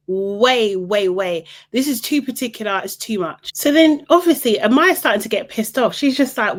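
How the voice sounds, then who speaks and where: A woman hosting a casual reality TV recap, opinionated and exasperated, her voice leaping up high when she is incredulous. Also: lively intonation, normal speed.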